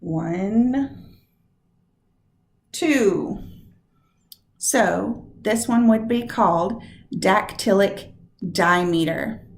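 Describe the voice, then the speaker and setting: Slow-talking woman teacher in an echoey room. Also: medium pitch, vocal fry. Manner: slow, stretches out syllables to show stress. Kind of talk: recorded poetry lesson.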